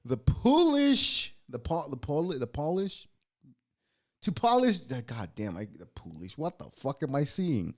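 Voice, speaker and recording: A man's voice: medium pitch, lively intonation, moderate pace, few pauses, mellow. A man hosting a solo podcast, reading ad and holiday copy aloud, stumbling over words, laughing at himself and swearing offhand. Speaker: podcast host.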